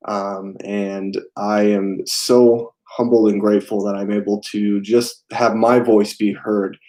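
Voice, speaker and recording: A young man hosting a casual live stream, talking haltingly with many fillers and answering viewers' chat messages. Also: on the low side, level tone, dark tone, poor audio. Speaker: film channel host.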